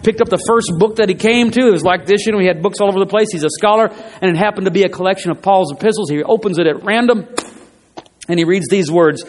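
Talking fast, a high-voiced male preacher delivers an emphatic sermon, doubling back on his phrases to hammer each point. His rising and falling delivery echoes through the long reverb of a church hall.

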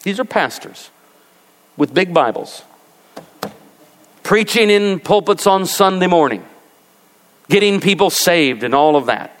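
A man preaching a sermon as pastor, animated and rising to emphatic peaks. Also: high-pitched, unhurried, pauses often, a little hiss or hum. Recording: long reverb of a large hall.

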